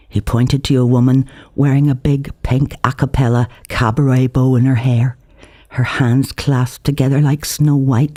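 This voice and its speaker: A man's voice: medium pitch, level tone, moderate pace, mellow, dry recording, clean studio sound. A man reading his own novel aloud in a wry, vivid storytelling manner. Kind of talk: audiobook narration.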